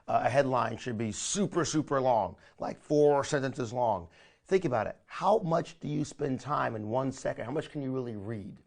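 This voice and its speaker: A man teaching a live online marketing training, energetic and coaching, often calling his listeners "my friend". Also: mid-range voice.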